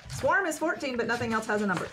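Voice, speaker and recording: A woman's voice: on the high side, expressive, fast talker, noisy background. Chatty woman player in a tabletop game.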